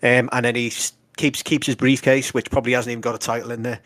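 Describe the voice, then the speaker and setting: A man's voice: mid-range voice, flat delivery, fast talker, a bit bright, no echo, clean studio sound. A man co-hosting a casual wrestling podcast, blunt and ranting, swearing a lot. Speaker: podcast co-host.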